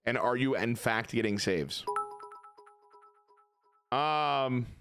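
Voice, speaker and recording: A man's voice: medium pitch, very slow, gravelly, a bit bright, faint music behind. A man streaming a game, chatting casually with his viewers, swearing and joking as he rambles. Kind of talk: casual live-stream chat.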